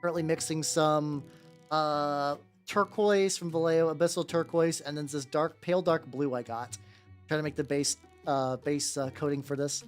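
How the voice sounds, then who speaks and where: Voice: medium pitch, fairly even intonation, normal speed. A streamer chatting casually with viewers while painting miniatures, rambling and swearing freely. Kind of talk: casual livestream chat. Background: faint background music.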